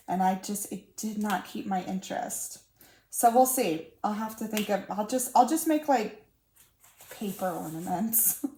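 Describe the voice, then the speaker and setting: A woman's voice: medium pitch, a little hiss or hum. A woman in her thirties chatting casually about her week while crafting at home, full of fillers and little laughs. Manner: chatty, warm-hearted storytelling with laughs and fillers. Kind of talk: casual chat. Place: room at home. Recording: roomy echo.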